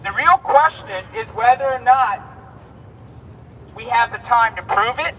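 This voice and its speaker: A high, bright-toned man delivers an emphatic protest speech outdoors, driving home his points through repetition. He is heard from some distance off the mic, with a faint crowd murmur and street noise underneath. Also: expressive, a little slow, dull audio. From Texas. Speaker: rally speaker.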